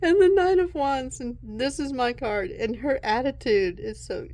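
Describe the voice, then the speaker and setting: A woman vlogging casually at home about her tarot decks, soft-spoken and unhurried, often breaking into giggles. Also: a little high, expressive. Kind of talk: casual show-and-tell vlog.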